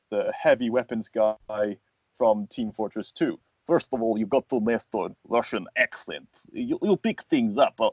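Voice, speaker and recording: A man's voice: lowish voice, no echo, dull audio. A man, a voice actor and animator, talking as a guest in a casual interview, explaining earnestly at length with plenty of fillers.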